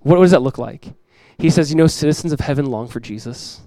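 A middle-aged man preaching a sermon as pastor to his church, earnest and direct, repeating key lines and acting out everyday voices with lively emphasis. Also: on the high side, fast talker, no room sound, low-quality recording. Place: church sanctuary.

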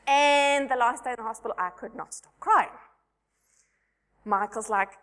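A woman's voice: fairly high pitch, moderate pace, pauses often, a bit bright. Chatty woman telling stories in a hall. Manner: chatty, self-mocking storyteller. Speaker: Sunday school teacher giving a talk. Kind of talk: church talk with personal stories. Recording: long hall reverb.

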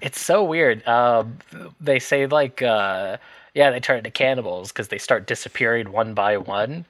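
A man's voice: mid-range voice, measured pace, a bit bright, no room sound. A man co-hosting a podcast, chatting casually about a bad movie, hesitant and rambling with frequent laughs. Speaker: podcast co-host.

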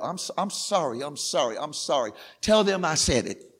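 A male pastor preaching a sermon, repeating phrases insistently and building from quiet talk to crying out. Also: lively intonation, fast talker, vocal fry. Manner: swings from low and quiet to shouting, crying out.

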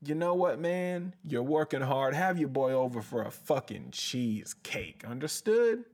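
A man's voice: medium pitch, lively intonation, unhurried, darkish tone. A male comedian hosting his podcast, ranting in a heated, profane way and often tossing in "bruh". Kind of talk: casual comedic rant.

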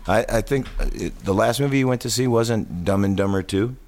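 Gravelly low-voiced Midwestern man telling stories. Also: brisk. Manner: animated anecdotes, acts out quoted shouts. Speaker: podcast host. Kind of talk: casual chat, storytelling.

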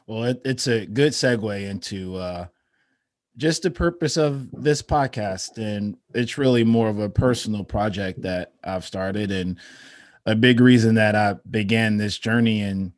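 A man's voice: on the low side, measured pace, no echo, studio quality. A man hosting a podcast interview, speaking earnestly and with energy to his guest. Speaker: podcast host.

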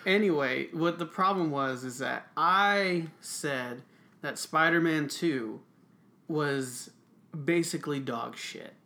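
Sharp-tongued co-host, cursing casually, mid-pitched voice. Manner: blunt and profane, quick to laugh. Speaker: podcast co-host. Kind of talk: casual podcast chat.

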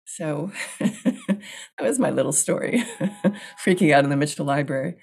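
A woman screenwriter, a guest, telling a story in a casual interview, animated and restarting often. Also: sits low, unhurried, creaky, slightly rough. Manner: animated, restarts often, acts out her own reactions.

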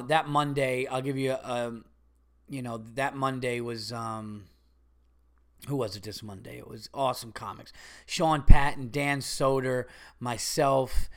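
A man, a comedian hosting his own podcast, telling a rambling story in casual monologue. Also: mid-range voice. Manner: rambling, animated, gets loud and exasperated telling a story.

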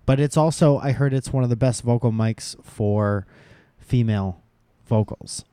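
A man's voice: mid-range voice, unhurried, dark tone, clear, resonant tone, no room sound. A man co-hosting a podcast in loose, joking casual chat with a bit of crude talk. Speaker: podcast co-host.

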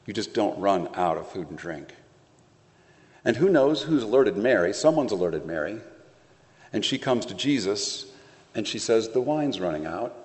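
A pastor preaching a conversational sermon, telling the story playfully with acted asides. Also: male voice, fairly low pitch, sing-song, moderate pace, darkish tone, long reverb tail.

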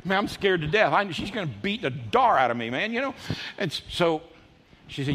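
A man in his fifties preaching a sermon, telling folksy personal stories and jumping into high voices when he quotes people. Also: big pitch swings, brisk, pushed and bright, slight background noise. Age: 50s. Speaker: pastor. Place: church auditorium. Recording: reverberant church hall with faint ambience.

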